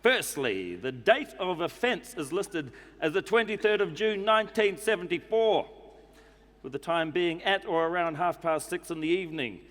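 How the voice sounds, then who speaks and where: A man's voice: sits high, animated, normal speed, fairly bright tone, long reverb tail, voice pushed up. A man on stage voicing a prim, fussy New Zealand man who reads out a formal complaint letter. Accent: New Zealand (put on). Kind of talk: stand-up comedy reading. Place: comedy club stage.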